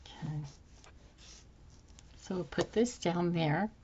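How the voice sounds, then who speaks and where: A woman hosting a craft tutorial, musing softly to herself as she works, her voice a little hoarse. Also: fairly low pitch, takes it slowly, highs cut off, slight background noise. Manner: soft-spoken, musing aloud while working. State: slightly hoarse, losing her voice. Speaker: craft channel host. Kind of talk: casual craft tutorial chat.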